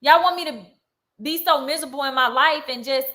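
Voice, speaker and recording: A young woman vlogger ranting heatedly on a live stream, indignant and fast-talking, with features. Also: high voice, sharp tone.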